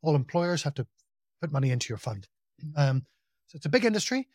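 A man talking casually as a podcast guest, telling work stories in a relaxed, self-deprecating way. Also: a little high, brisk, dry recording. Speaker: podcast guest, project implementation consultant. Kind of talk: casual conversational interview.

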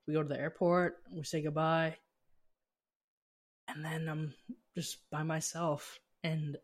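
A man's voice: on the high side, flat delivery, takes it slowly, pauses often. A young man, a podcast guest, telling personal stories with animation and acting out family dialogue. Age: young adult. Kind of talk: podcast interview storytelling.

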